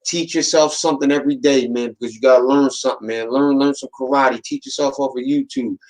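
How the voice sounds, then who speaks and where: A man's voice: mid-range voice, fairly even intonation, fast, darkish tone, rough recording. A man hosting a podcast in a casual monologue, speaking in slangy, streetwise talk and warning his listeners with a repeated "man" and "watch". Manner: slangy, streetwise storytelling that acts out quoted voices. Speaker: podcast host.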